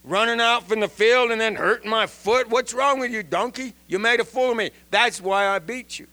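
A man's voice: very high-pitched, moderate pace, bright, forceful tone, pitched above the performer's own voice. A man doing a blustering, indignant old diviner. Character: angry arrogant ancient male diviner.

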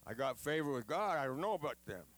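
A man preaching a sermon in an animated, chatty way, with jokes and acted-out quotes. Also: mid-range voice, quick pace.

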